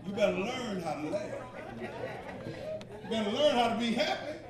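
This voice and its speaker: A man's voice: high-pitched, animated, moderate pace, a crowd in the background. A man preaching in a storytelling sermon, repetitive and rousing, with laughter and calls to the congregation. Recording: echoey hall, mic far off, congregation.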